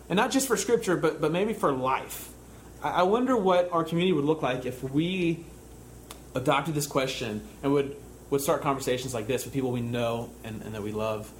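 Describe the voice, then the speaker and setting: A man's voice: medium pitch, fairly quick, slight background noise. A young man preaching a sermon in a conversational way, telling a camp story with frequent fillers and restarts. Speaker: camp counselor giving a church talk.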